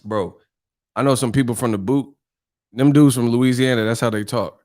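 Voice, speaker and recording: A man hosting a live stream and bantering with his chat in a profane, teasing, animated way. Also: medium pitch, moderate pace, pauses often, no room sound, studio quality. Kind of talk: casual live stream commentary.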